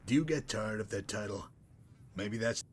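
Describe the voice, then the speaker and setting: A man voicing a smug, sardonic male messenger-mercenary in a game, dry and mocking in manner, wordy and unhurried. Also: on the low side, a little hiss or hum, lightly acted. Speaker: game character. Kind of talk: voiced game dialogue.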